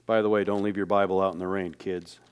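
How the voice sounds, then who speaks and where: A man preaching a sermon in church, talking to the congregation in a relaxed way, with joking asides and rhetorical questions. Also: low-pitched, fast, smooth, muffled recording.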